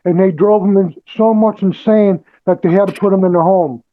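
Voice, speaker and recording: A man's voice: high-pitched, steady tone. Defiant man on tinny courtroom audio. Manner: defiant, halting, full of restarts. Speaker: respondent in a court hearing. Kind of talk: testifying in court.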